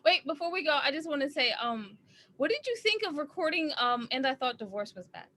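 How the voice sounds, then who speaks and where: An upbeat, encouraging woman chats on a video call. Her voice is high, bright and animated, with faint hiss behind it. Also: fairly quick. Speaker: panelist. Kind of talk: casual panel chat.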